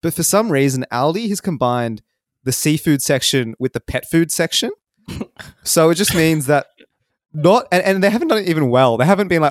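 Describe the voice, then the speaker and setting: A man's voice: on the high side, normal speed, no room sound, studio quality. A man, co-hosting a podcast and animatedly telling a story in casual chat. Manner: animated storytelling, laughing as he talks. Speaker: podcast co-host.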